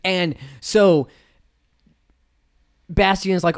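Animated man laughing through a movie chat. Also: fairly high pitch, moderate pace. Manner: jokey, laughs often, animated retelling. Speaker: podcast co-host. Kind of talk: casual movie review chat.

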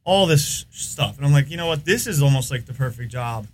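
A podcast guest with an American accent, this US man speaks in a mid-range, husky voice with lively intonation and a brisk pace. He chats casually, telling long rambling stories packed with fillers.

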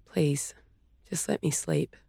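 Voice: mid-range voice, expressive, moderate pace, dry recording, clean studio sound, voice pushed up, close to an everyday voice. A narrator voicing a sassy young woman, an athletic daughter, in a storybook reading. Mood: whispering.

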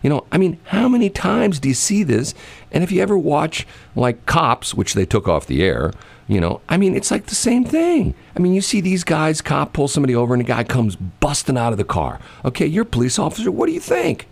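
A man's voice: a little high, huge pitch swings, a little fast, gravelly. A man hosting a casual talk show. He rambles and fills his talk with "you know" and "I mean". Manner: acts out quoted voices while telling stories. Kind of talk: casual chat.

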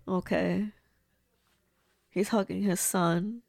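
A woman hosts a casual movie watch-along, gasping, exclaiming and talking back at the screen. Her voice has a gravelly, fry-tinged edge. The recording is dry and close, with no room sound. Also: medium pitch, a little mellow, no room sound. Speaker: movie reviewer.

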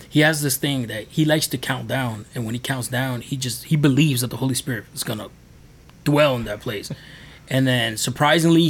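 With a mid-range, fairly bright voice and a little hiss or hum, a podcast guest gives his faith testimony. The telling is earnest, casual, and rambling, with frequent fillers.

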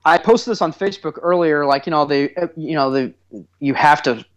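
A man in his thirties, co-hosting a podcast, telling comic stories in a casual chat with an animated, teasing, self-mocking manner. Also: fairly high pitch, brisk. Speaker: podcast co-host.

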